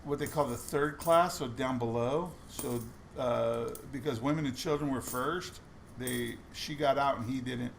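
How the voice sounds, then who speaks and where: Creaky and a touch slow, a medium-pitched male voice tells rambling, frequently restarted stories while the coin roll hunting vlogger searches boxes of coins. There's slight background noise.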